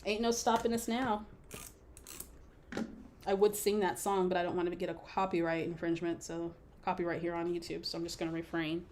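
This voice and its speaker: A woman's voice: fairly low pitch, little pitch movement, fast talker, darkish tone, a little hiss or hum. A woman hosting a live scrapbooking stream, chatting playfully with viewers and laughing often as she works. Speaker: scrapbooking livestream host. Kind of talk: casual crafting livestream chat.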